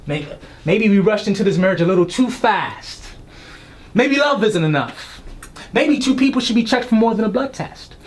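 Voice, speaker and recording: A woman's voice: mid-range voice, expressive, normal speed, natural voice. A young woman acting a proper, dignified young husband who is a lawyer, with dry, sarcastic patience. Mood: weary. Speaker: acting student. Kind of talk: scene study stage acting.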